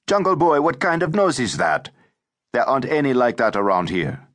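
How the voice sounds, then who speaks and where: A man's voice: mid-range voice, big pitch swings, moderate pace, fairly bright tone, voice pushed up. A man voicing a brazen, teasing young orphan boy in an audiobook, talking in a cocky, mocking way.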